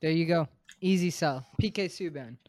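A man chatting casually on a sports podcast, excitable and jokey, often trailing off quietly. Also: on the high side, normal speed, no echo, clean studio sound. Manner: excitable, jokey, drifts quiet at line ends. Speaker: podcast co-host.

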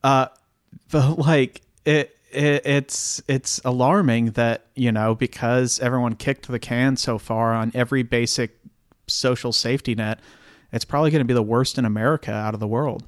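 A man's voice: medium pitch, fairly even intonation, no room sound, studio quality. Rambling man hosting a podcast. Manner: rambling, halting, many restarts and laughs. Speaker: podcast host. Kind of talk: casual chat. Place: New York apartment.

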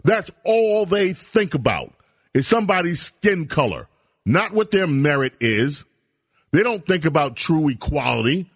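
Male talk radio host, heated and emphatic, slightly higher voice, close and dry in the studio. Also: breathy edge, dry recording. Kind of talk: political talk radio monologue. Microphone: studio microphone.

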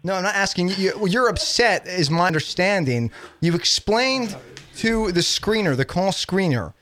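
A man's voice: high voice, lively intonation, fairly bright tone, slight background noise. Playful male comedy radio host. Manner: playful, feigning confusion, quick asides.

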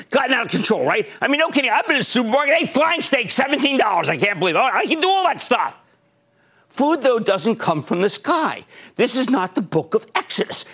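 An older man hosting a market show, delivering theatrical stock commentary, swinging from shouts to low asides.

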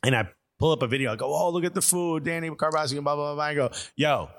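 A young podcast co-host tells a story on a casual chat show, laughing often and acting out quotes with animation. His voice is a little high and he talks fast.

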